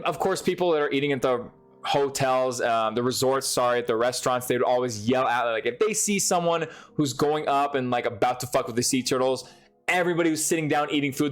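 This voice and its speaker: A man's voice: a little high, fast, soft background music. A young man telling a wild story straight to the camera, swearing freely and getting worked up as he goes. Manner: profane, excitable, lively storytelling. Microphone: speaking to a camera.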